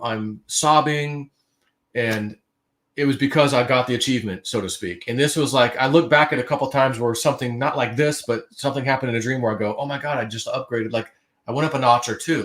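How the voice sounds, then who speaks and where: A man's voice: medium pitch, fairly bright tone. A man on a livestream telling a long dream story in a casual, rambling way, full of fillers and restarts. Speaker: guest.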